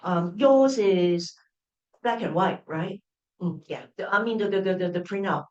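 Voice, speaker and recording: A woman's voice: mid-range voice, measured pace, muffled recording. Woman, university lecture, hesitant with many restarts, echoey room, distant mic. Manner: hesitant, with many restarts and fillers, checking in with "all right?". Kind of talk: academic lecture at an open day.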